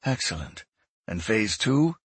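A man voicing a ruthless male imperial fleet lord who speaks in a calm, clipped, detached way. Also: fairly low pitch, measured pace, breathy edge, no room sound, exaggerated voice. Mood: cold.

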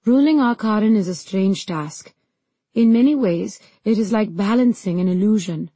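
A woman's voice: medium pitch, mellow, husky, no room sound, lightly acted. A woman reading a dry, mocking male ruler. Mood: lecturing. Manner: dry, measured and condescending. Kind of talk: audiobook character reading.

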